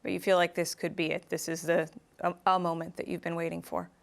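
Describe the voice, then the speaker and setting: A woman news anchor leads a live interview in a brisk, measured way. Her voice sits a little low. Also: little pitch movement, gravelly.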